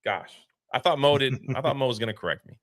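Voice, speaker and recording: Male co-host, bright and animated delivery, recaps story beats and plays out quotes, casual review chat. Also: mid-range voice, quick pace, no echo, studio quality. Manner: animated plot recapping, acting out characters' lines.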